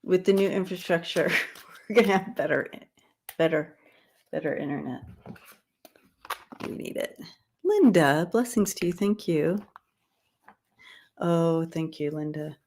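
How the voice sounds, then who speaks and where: Slow, low-voiced chatty woman livestreaming. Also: a little mellow, a little hiss or hum. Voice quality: dyslexia, repeats hard words. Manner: chatty, laughs often, stumbles over long words. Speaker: livestream tarot reader. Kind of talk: casual livestream chat with viewers.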